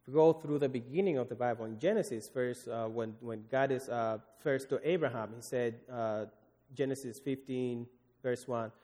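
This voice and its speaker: Male preacher, earnest and halting, mid-pitched voice with long hall reverb. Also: warm tone. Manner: earnest, pleading, with many restarts and fillers. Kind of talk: sermon.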